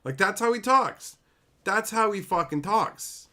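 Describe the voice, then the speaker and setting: A man's voice: high voice, animated, a little slow, pushed and bright. A man hosting a livestream, ranting in a casual, profane and mocking way. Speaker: livestream host.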